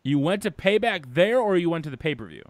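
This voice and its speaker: A man's voice: a little high, big pitch swings, fast, no room sound, studio quality. A man hosting a casual wrestling call-in show, rambling through recaps with many fillers and frequent swearing.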